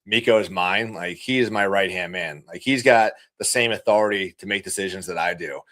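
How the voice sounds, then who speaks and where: A man who is a guest on a podcast, chatting about running his business with a lively, animated delivery and easy laughs. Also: sits low. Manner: animated, fast-talking, laughs easily. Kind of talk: casual conversational interview.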